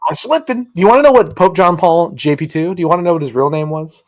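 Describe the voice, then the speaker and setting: Lively joking man, laughs a lot. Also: on the high side, fast talker. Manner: laughs often, animated and joking. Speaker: podcast co-host. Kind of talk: casual chat.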